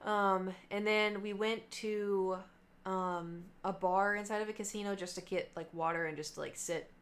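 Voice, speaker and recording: A woman's voice: mid-range voice, normal speed. A woman in her late twenties, a live streamer, telling stories in a casual, chatty way with lots of fillers and asides. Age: late 20s. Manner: chatty, animated, many fillers and trailing asides. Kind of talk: casual storytelling chat.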